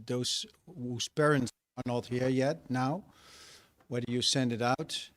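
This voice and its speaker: A man's voice: medium pitch, fairly even intonation, slow. A male teacher addressing a ceremony, hesitant and searching for words.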